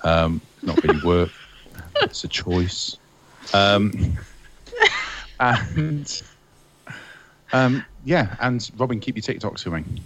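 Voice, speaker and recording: A man on a podcast with a slightly worn voice, talking in a relaxed, halting way with many fillers. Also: on the low side, a little hiss or hum. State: voice a bit worn. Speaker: podcast guest.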